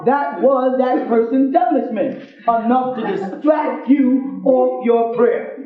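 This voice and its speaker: Man lecturing a congregation, very high voice, jokey and laughing, thin phone-like sound, huge echo. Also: takes it slowly. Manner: jokey, acts out scenes, laughs often. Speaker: religious lecturer. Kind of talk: sermon-style lecture. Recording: tinny, very echoey archive recording.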